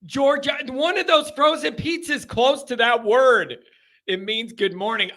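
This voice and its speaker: Male call-in host, 30s, very bright high voice, jokey. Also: unhurried. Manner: excitable, jokey, laughs often. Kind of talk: casual call-in chat.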